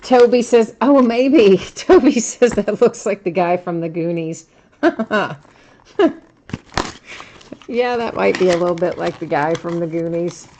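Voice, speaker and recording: A woman's voice: on the low side, unhurried, warm tone, slight background noise. A woman hosting a live card-break stream, chatting casually, laughing often and reading viewer comments aloud.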